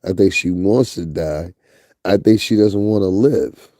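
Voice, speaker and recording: A man's voice: sits low, unhurried, dark tone, no echo. Blunt Northeastern man, dry close sound. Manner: blunt and profane, talks straight to viewers. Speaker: commentary vlogger. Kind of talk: casual gossip commentary.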